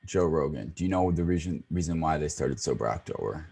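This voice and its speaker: A man's voice: extremely low pitch, expressive, fairly quick, vocal fry, mellow, breathy edge. A man in his thirties co-hosting a podcast in casual chat, rambling and often correcting himself. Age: 30s. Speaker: podcast co-host.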